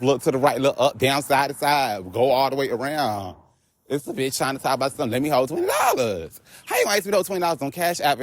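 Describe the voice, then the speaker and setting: Profane, animated man ranting on a walk. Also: medium pitch, no room sound. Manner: animated, profane, laughing asides. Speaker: vlogger. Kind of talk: casual storytelling rant. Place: outdoors on a walk.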